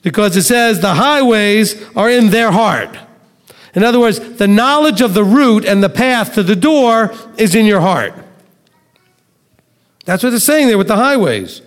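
A man preaching a sermon, teaching conversationally, reading scripture aloud slowly, and asking his listeners questions. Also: high voice, lively intonation, long reverb tail.

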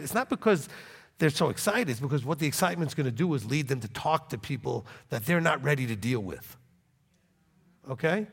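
Animated gravelly preacher in a reverberant hall. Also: male voice, mid-range voice. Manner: conversational, animated teaching with frequent "okay?" check-ins. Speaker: pastor. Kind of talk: sermon.

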